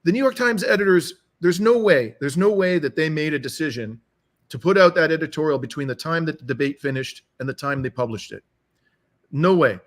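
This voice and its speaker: A man's voice: fairly high pitch, a little fast. A man speaking as a guest commentator over a video call, emphatic and given to repeating phrases for force. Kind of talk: remote interview. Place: home in Canada.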